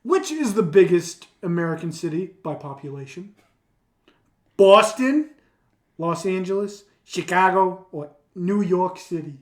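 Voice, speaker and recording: A woman's voice: lowish voice, lively intonation, unhurried, a little mellow. A woman co-hosting a casual podcast, reading out quiz questions in a playful, joking way and laughing often. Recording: roomy echoey room.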